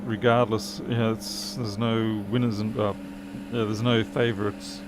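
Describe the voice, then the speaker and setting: A man's voice: on the low side, level tone, unhurried, noisy background. A man chatting casually and dryly while working, answering viewers' questions. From Australia. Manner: chatty, dry humour, answers chat questions. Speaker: repair streamer. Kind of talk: casual live-stream chat while working.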